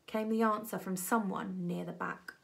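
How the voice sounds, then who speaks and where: A woman reading a children's novel aloud at a primary school with expressive storytelling. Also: normal speed, creaky. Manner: expressive storytelling, voicing children with raised pitch. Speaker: reader.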